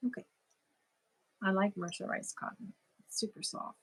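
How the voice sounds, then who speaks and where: A woman's voice: medium pitch, normal speed, fairly bright tone, slightly rough. A woman with a German accent, a native German speaker, chatting casually with viewers as host of a crochet livestream, answering comments and laughing at herself.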